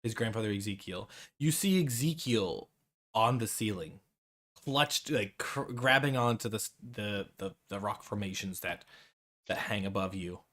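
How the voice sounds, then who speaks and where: A man's voice: fairly low pitch, lively intonation, measured pace, a bit bright. A man narrating as game master of a tabletop game, rambling with frequent restarts. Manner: rambling with many restarts and fillers.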